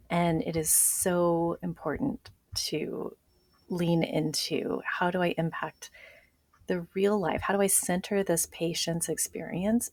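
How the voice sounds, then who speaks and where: Woman host, gravelly voice, dry close sound, reflects the guest's words back. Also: fairly low pitch, a little mellow, no echo. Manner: affirming, reflects back what the guest says. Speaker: podcast host, physician. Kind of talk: casual interview.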